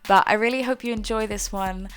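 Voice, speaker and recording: A woman's voice: mid-range voice, steady tone, fairly quick, clean tone. A young woman, introducing her podcast in a chatty, earnest way that is a little self-mocking. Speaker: podcast host.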